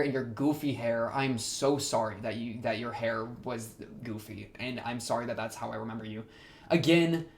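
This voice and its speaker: A young man hosting an anime reaction, talking casually in a rambling, slangy way with excitable outbursts. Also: mid-range voice.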